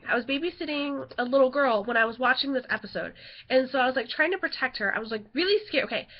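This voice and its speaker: A woman's voice: high-pitched, muffled recording. A young woman chatting casually in a rambling home vlog, easily sidetracked and giggly. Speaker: vlogger.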